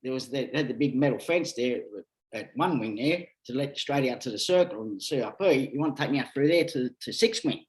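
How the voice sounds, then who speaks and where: With a mid-range voice and a brisk pace, this middle-aged Australian podcast guest spins lively, meandering anecdotes. His casual storytelling is peppered with nonstop swearing.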